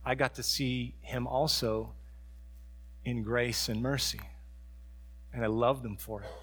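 A middle-aged male pastor preaching a sermon, dropping to soft storytelling and rising to raised, fervent preaching. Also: medium pitch, fairly even intonation, a little slow, husky.

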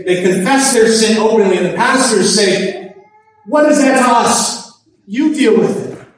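A man's voice: sits high, a little hiss or hum. A man preaching a sermon at a church service, emphatic and repeating his key phrases, in an echoey, distant recording. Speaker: pastor.

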